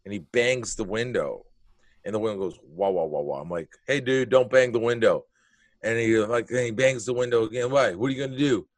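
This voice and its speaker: A man's voice: fairly low pitch, normal speed, dry recording. A man telling a story in casual conversation, swearing freely and acting out the other people's lines. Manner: animated, profane, acts out quotes.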